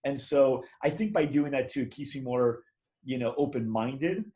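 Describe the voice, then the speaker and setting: Brief: casual male interview guest, lively storyteller, salty language, average pitch. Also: moderate pace. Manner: animated, rambling, swears casually. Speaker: podcast guest.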